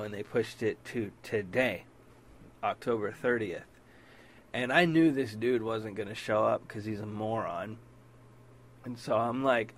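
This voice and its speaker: A man's voice: medium pitch, slight background noise. A man hosting a casual storytelling podcast, bluntly retelling a dispute, swearing freely and raising his voice when he quotes himself. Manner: voice rises when quoting himself in arguments. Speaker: podcast host.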